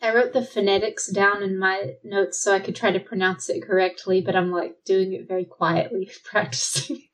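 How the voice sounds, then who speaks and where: A woman's voice: mid-range voice, little pitch movement, moderate pace, a bit bright, low-quality recording. Giggly woman explaining a plot. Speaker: podcast co-host. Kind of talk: casual movie recap chat.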